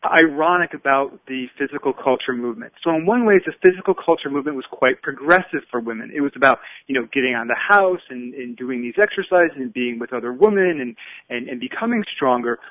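A man's voice: mid-range voice, expressive, fast, dry recording. A man being interviewed as an expert guest on radio, thoughtful and stammering through restarts. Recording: tinny phone line.

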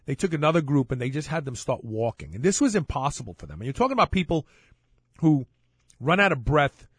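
A man's voice: a little high, no room sound, studio quality. A man hosting a talk show, speaking in a casual, rambling monologue with frequent restarts. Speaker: podcast host.

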